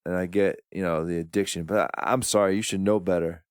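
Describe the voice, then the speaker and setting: A man's voice: deep voice, fairly even intonation, brisk, clean tone, no room sound, clean studio sound. A man in a casual podcast chat, talking bluntly and swearing. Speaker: podcast co-host.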